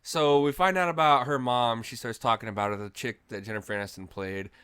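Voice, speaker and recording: A man's voice: mid-range voice, brisk, clear, resonant tone, no echo. A tipsy young man co-hosting a movie review podcast, chatting casually with lots of swearing and mocking the characters. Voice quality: animated, swearing, mocks characters with voices. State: tipsy from drinking.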